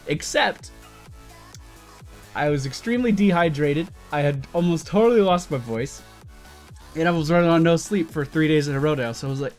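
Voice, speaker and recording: A man's voice: on the high side, normal speed, pauses often, darkish tone, faint music behind. A man telling a story in a casual vlog, wry and self-mocking, who swears freely. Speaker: YouTuber.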